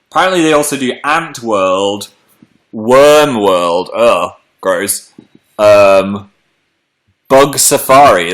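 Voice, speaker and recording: A man chatting casually on a livestream, reading viewers' comments aloud and hopping between topics with animated energy. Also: on the low side. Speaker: live streamer.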